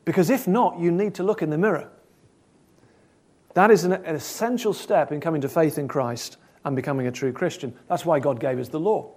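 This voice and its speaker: A man preaching a sermon, earnest, asking probing questions and swinging between loud and soft. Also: a little high, brisk.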